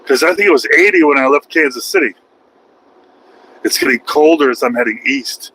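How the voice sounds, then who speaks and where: A man's voice: medium pitch, lively intonation, brisk, pushed and bright, slight background noise, low-quality recording. A man vlogging while driving his truck, rambling in a folksy, self-mocking way. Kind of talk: casual driving vlog. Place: truck cab on highway.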